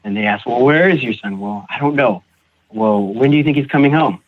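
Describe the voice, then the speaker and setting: A man guest on a recovery podcast, telling his personal story in a halting way, repeating words and acting out what others said. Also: mid-range voice. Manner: halting, repeats words, acts out quoted voices. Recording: tinny phone-like audio.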